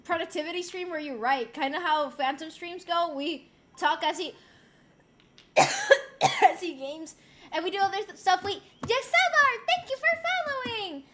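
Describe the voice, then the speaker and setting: A woman's voice: extremely high pitch, sing-song, a little slow. A young adult woman streamer chatting casually and reading chat aloud. She swears freely, laughs often, and has a slightly sore throat.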